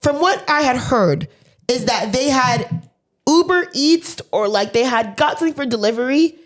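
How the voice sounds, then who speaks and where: A woman's voice: high voice, animated, moderate pace. A woman co-hosting a podcast, telling a story in casual chat with lots of hedges and "like"s. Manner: hedging, rambling storyteller. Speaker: podcast co-host.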